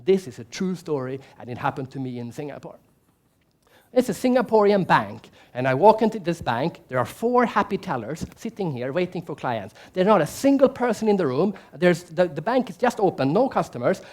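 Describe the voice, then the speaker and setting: A man with a fairly high voice gives a keynote speech in a large conference hall. He tells stories with energy, puts questions to the audience and acts out what people said. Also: a little fast. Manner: animated storyteller, asks the audience questions, acts out quotes. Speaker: keynote speaker.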